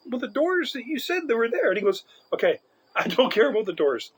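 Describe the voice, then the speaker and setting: A man's voice: very high-pitched, lively intonation, a little fast, a crowd in the background, low-quality recording. A man co-hosting a casual podcast, telling a long story in a rambling way and laughing often. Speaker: podcast co-host.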